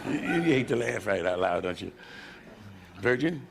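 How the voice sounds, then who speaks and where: A gravelly American man works a live crowd with a raunchy stand-up set. He drawls and chuckles at his own jokes, and his pitch swings widely. The stage recording is noisy with hiss. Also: sing-song, moderate pace. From United States. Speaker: stand-up comedian. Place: live comedy stage with audience.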